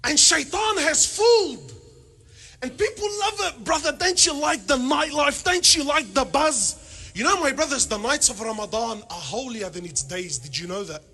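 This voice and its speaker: A man giving a humorous religious talk to an audience, animated and full of rhetorical questions, with Arabic phrases mixed in. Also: very high voice, normal speed. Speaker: panel speaker.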